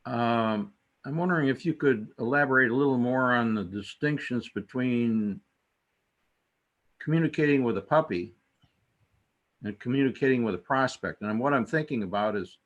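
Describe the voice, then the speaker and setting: A man's voice: medium pitch, normal speed, muffled recording. A man calling in with a question, rambling in a folksy way with hesitations before making his point. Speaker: caller. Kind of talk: casual question with a joke.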